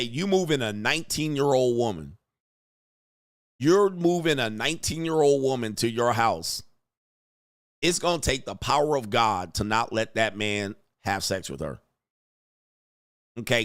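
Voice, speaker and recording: A man's voice: medium pitch, a bit bright, dry recording, clean studio sound. A man hosting a reaction commentary, blunt and crude as he talks straight to the viewer.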